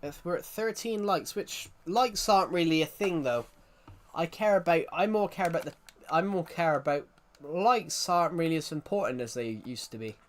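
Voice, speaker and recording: A man's voice: on the high side, animated, normal speed. A man who grew up in the United Kingdom chatting casually on a live stream, rambling and laughing with frequent restarts.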